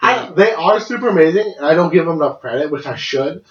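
Talking fast with lively intonation in a high-leaning voice, a young adult man casually tells a long, rambling personal story on a podcast. He laughs a lot and swears freely, and the lo-fi recording sounds dull and roomy.

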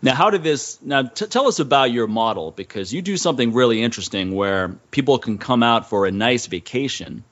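A man's voice: medium pitch, expressive, fairly quick, few pauses, a bit bright, dull audio. A man hosting a podcast, joking and laughing while he introduces and questions his guest. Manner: jokey, laughs a lot. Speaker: podcast host. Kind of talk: casual interview chat.

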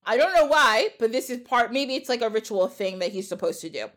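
Animated laughing woman telling a story. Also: fairly high pitch, brisk. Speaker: podcast host. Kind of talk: casual storytelling chat.

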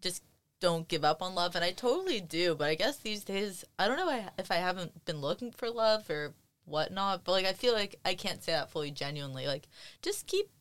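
Animated young woman with a lower voice. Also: a little fast, smooth, no room sound. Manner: animated, teasing, laughs often, rambling with many fillers. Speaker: podcast co-host. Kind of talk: casual chat.

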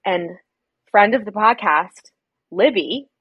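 A young woman from America, a podcast guest, telling stories in casual chat and acting out quotes in animated voices. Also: medium pitch, takes it slowly, husky, no room sound, highs cut off. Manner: chatty storyteller, acts out quotes in animated voices.

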